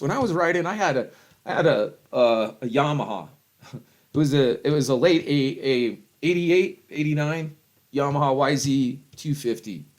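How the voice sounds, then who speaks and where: A middle-aged man in a rambling, heavily profane rant to camera, with loud swings and frequent chuckles. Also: medium pitch. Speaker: vlogger.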